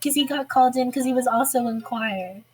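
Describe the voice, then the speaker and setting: High-voiced young woman telling a rambling story. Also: brisk, darkish tone, faint music behind, poor audio. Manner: rambling, swears and laughs often. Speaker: podcast co-host. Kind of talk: casual chat, storytelling.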